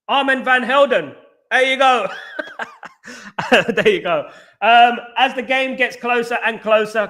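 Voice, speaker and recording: A high-pitched man hosts a football fan live stream, bantering and giving shout-outs to viewers in the chat.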